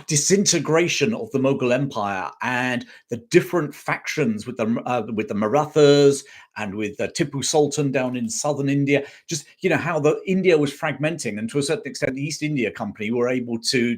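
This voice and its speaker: A man's voice: medium pitch, normal speed. A man hosting a live history chat stream, reading out viewer comments in a chatty way, with many ums and restarts.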